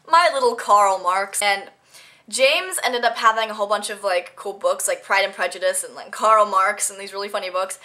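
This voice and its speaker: A woman's voice: mid-range voice, sharp tone. A teenage girl talking casually to her camera in an unscripted vlog, rambling through funny stories and giggling now and then. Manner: chatty, giggly, rambling storytelling. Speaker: vlogger.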